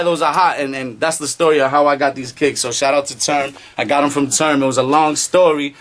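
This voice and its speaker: Guy telling a story w/ lots of slang, acts out the quotes, kinda high voice. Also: fairly even intonation, a little fast, fairly bright tone. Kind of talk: casual storytelling.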